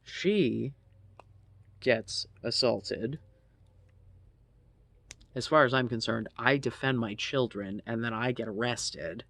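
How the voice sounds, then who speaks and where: A man's voice: medium pitch, a bit bright, dry recording. A man telling a personal story casually, rambling with lots of fillers and frequent swearing. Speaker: storytelling vlogger.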